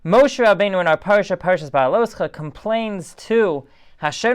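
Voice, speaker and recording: Rambling, tired rabbi, smooth clear voice. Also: male voice, high voice, moderate pace. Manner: rambling, digressive, conversational. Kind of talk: casual Torah talk.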